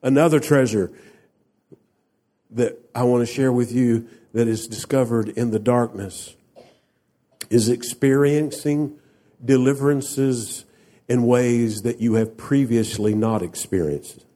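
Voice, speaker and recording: A pastor preaches a sermon slowly, his medium-pitched voice mellow and warm. He leans heavily on emphatic rhetorical questions aimed at his listeners.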